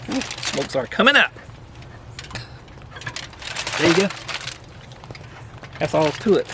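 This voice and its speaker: The host of a casual cooking channel, a man with a medium-pitched voice, talks in a folksy style and sometimes eats while speaking. The background is noisy as he goes from the rain outdoors to an indoor space.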